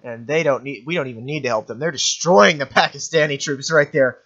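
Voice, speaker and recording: A man's voice: medium pitch, a little fast, a bit bright, dull audio. A young man giving offhand, rambling commentary while playing a strategy game, often correcting himself. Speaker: gaming commentator. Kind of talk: let's play commentary.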